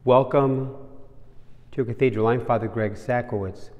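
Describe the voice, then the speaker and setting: Slow, mellow-voiced priest telling stories. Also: male voice, mid-range voice, fairly even intonation, in a large hall. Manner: unhurried, gently humorous storyteller. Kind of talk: homily with jokes and stories.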